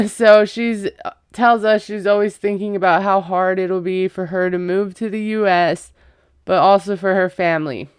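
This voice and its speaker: A woman's voice: mid-range voice, steady tone, a little slow, smooth, dry recording, clean studio sound. A woman recapping a TV episode in a casual, gossipy, sarcastic way. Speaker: TV recap vlogger.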